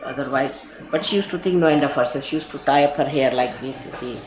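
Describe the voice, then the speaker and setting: A woman's voice: a bass voice, quick pace. Indian woman giving a chatty spiritual talk. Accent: Indian English. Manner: storytelling with chatty asides and laughter. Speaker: spiritual teacher. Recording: roomy archive recording with faint hiss.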